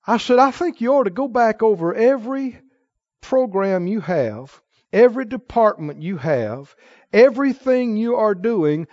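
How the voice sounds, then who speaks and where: A male preacher with a high voice tells folksy stories from the pulpit and drives his points home with emphasis. He drops into a lower, sterner tone when quoting the Lord. The sound is dry and a bit dull. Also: darkish tone, no echo. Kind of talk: sermon with storytelling.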